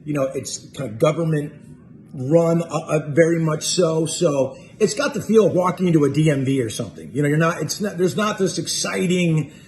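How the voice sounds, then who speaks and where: A man's voice: a little high, animated, moderate pace, darkish tone, slight background noise. A man casually telling a story about himself, rambling and self-mocking, with lots of fillers. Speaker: musician telling a tour story.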